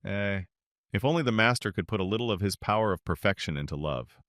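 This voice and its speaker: A man's voice: lowish voice, animated, fast, a bit bright, dry recording, studio quality. A man voicing a loyal young female shop assistant in a plain, matter-of-fact way. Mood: wistful.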